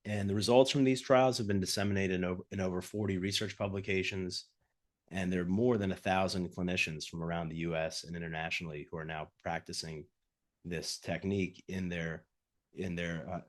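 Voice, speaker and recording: Low-voiced male lecturer, husky cold-roughened voice, earnest, video-call audio. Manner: earnest, repeats words when starting sentences. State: hoarse from a cold. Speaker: guest lecturer. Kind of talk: academic lecture.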